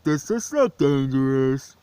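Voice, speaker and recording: A man's voice: medium pitch, big pitch swings, measured pace, dark tone, smooth, no room sound. A man voicing a dim-witted, goofy male starfish with a dopey, sing-song delivery.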